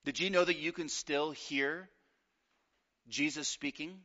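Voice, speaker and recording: A man preaching a sermon, emphatic, with deliberate pauses and repeated phrases. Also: a little high, sharp tone, lo-fi sound. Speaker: pastor.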